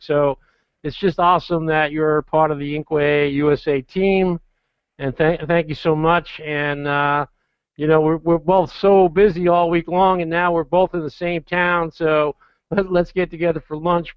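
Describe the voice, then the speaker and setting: A man's voice: on the high side, little pitch movement, normal speed, clear, resonant tone, dry recording. A man hosting a business webinar, gushing with praise and running his sentences together. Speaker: company CEO hosting a webinar. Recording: somewhat dull, dry webinar audio.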